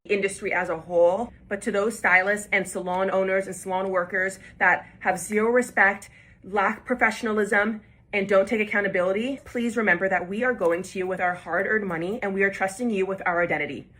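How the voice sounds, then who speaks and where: Bright-voiced young woman telling a story. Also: medium pitch, fairly even intonation, fairly quick. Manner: upset, emphatic retelling with quoted dialogue. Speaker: storyteller recounting a salon incident. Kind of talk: casual storytime video.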